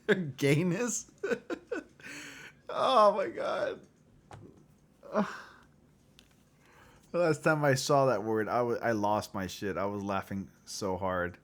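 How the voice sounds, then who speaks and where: A man hosting a casual livestream chat, loose and profane, who often clears his throat. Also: fairly low pitch, slow, pauses often, a bit bright. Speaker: livestream host.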